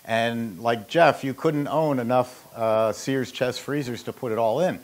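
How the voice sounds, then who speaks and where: A man's voice: medium pitch, unhurried. A man hosting a how-to show and talking casually about his trade, rambling through anecdotes with joking asides. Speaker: host and ice machine maker. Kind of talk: casual instructional talk.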